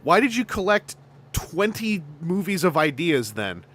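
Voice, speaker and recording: Animated, joking man with lively pitch. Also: a little slow. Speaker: podcast host. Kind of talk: casual chat.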